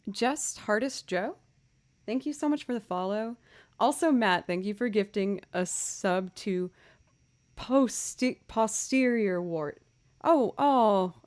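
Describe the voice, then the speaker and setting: Young woman, streamer, chatty and bubbly, casual livestream talk. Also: mid-range voice. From Boston area. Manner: chatty, bubbly, excited greetings to chat. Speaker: streamer and musician.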